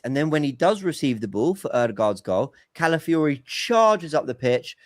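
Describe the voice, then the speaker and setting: A man's voice: a little high, big pitch swings, moderate pace, hardly any pauses, no room sound, clean studio sound. A man hosting a casual football podcast over a remote call, talking analytically and explaining tactics at length. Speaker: podcast host.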